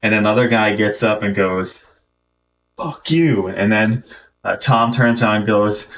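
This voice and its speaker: A man's voice: on the low side, little pitch movement, moderate pace, a bit bright, far from the mic. A man streaming a game and rambling through casual anecdotes full of fillers and restarts. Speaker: gaming streamer. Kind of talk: casual storytelling while playing.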